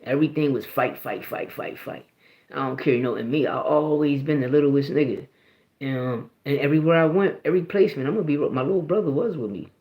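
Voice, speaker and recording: A man tells a long story in a loose, profane, rambling way, full of restarts and asides. His voice sits a little high for a man. It rings in an echoey room. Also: fairly quick, a little mellow. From Philadelphia, USA. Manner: profane, rambling, with many restarts and "you know what I mean". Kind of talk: casual storytelling.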